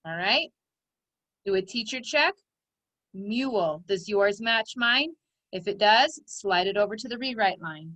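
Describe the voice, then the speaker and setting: A woman's voice: medium pitch, lively intonation, a little slow, a bit bright. A woman phonics teacher giving a dictation lesson, stretching out sounds and letters in an encouraging way. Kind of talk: slow, clearly enunciated dictation lesson.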